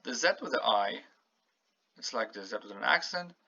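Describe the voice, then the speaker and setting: A man with a gravelly, bright and forceful voice teaches a language lesson at an unhurried pace, repeating each word carefully so the learner can copy it. The recording is dry and a little dull, like a simple home setup. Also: mid-range voice, expressive. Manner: slow, patient, repeats words to model pronunciation. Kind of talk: casual spoken language lesson.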